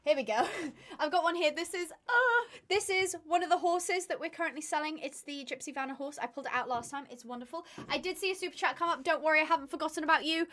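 Tired, chatty woman, high voice. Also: quick pace, fairly bright tone. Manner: chatty, rambling, laughs often. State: tired, voice going. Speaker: streamer. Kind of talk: casual live-stream chat.

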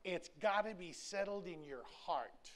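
A man's voice: high-pitched, animated, unhurried. A man, preaching a sermon in an emphatic, folksy, repetitive way with touches of humor. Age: 60s. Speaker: pastor.

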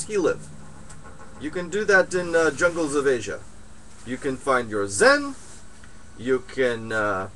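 A man voicing a solemn mystic guru who speaks broken English and drops his articles, pausing with slow "uh"s in an improvised comedy sketch. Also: fairly high pitch, a bit bright, slight background noise, poor audio.

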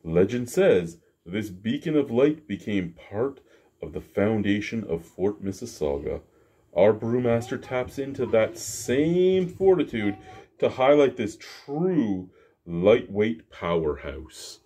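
A man's voice: on the low side, big pitch swings, takes it slowly, dark tone, slightly rough. A man casually reviewing a beer to camera at home, joking and rambling in a self-deprecating way. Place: home basement.

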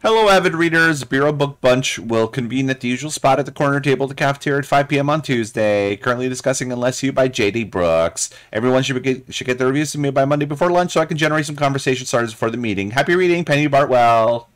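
A man voicing a chirpy female office book club organizer in a bright, eager announcing voice. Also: medium pitch, animated, fast talker, hardly any pauses, pitched above the performer's own voice, natural voice.

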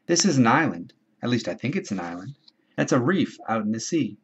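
A man's voice: mid-range voice, sing-song, brisk, slightly rough, muffled recording. A man voicing a casual, offhand schoolboy in a storybook reading. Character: offhand, lively fair-haired schoolboy.

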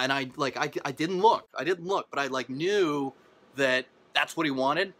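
A young comedian telling a rambling comic story in a home vlog, full of asides and fillers, now and then leaping up into mock disbelief. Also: male voice, moderate pace, sharp tone. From Canada. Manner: jumps into exaggerated high disbelief. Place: parents' basement.

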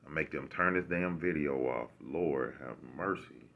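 A man's voice: a bass voice, fairly quick, vocal fry, few pauses, fairly bright tone. A man vlogging to camera, ranting casually with rambling, profane and sarcastic remarks.

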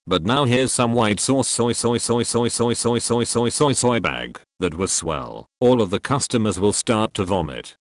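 Low-voiced man in giggly crude monologue. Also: lively intonation, moderate pace, few pauses, no room sound, studio quality. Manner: gleeful, giggling, sing-song chants. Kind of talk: crude comic monologue in character.

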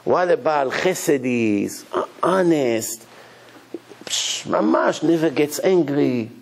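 A rabbi lectures in an animated, storytelling way, his English grammar nonstandard. His voice is slightly high and gravelly. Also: slow.

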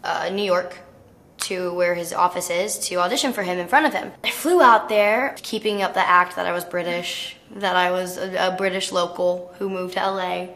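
A teenage girl telling stories casually in an interview, chatty and animated, with plenty of filler words. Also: lowish voice, normal speed. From United States. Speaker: actress interviewee.

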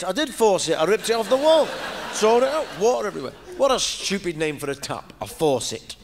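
Northern english bloke doing stand-up, rambly chatty storytelling, swoopy lively voice, bit high. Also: male voice, fairly quick, a little hiss or hum. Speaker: comedian. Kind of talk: live stand-up monologue. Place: live show in front of an audience.

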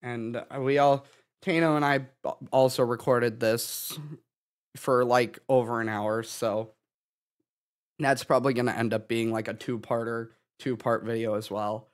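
Slow, halting young man after crying. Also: mid-range voice, little pitch movement. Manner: halting, with many restarts and sighs. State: tearful, having been crying. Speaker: gaming YouTuber. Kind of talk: personal update vlog.

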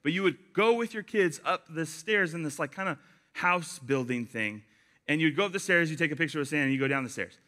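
A young man giving a casual youth sermon, chatty and animated, telling stories with lots of fillers. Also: a little high, fast talker. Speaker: youth pastor.

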